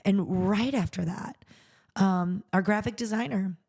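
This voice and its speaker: A woman's voice: mid-range voice, measured pace, a little mellow, husky. A middle-aged woman, a charity founder and podcast host, tells a personal story in conversation, acting out the quoted dialogue with animation.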